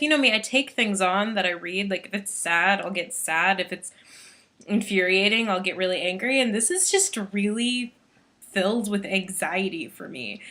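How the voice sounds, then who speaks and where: A woman's voice: medium pitch, pushed and bright. A woman in her late teens talking casually to her webcam in a video diary, rambling and a little frazzled, with lots of "like" and "um". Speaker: vlogger. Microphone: built-in computer webcam mic.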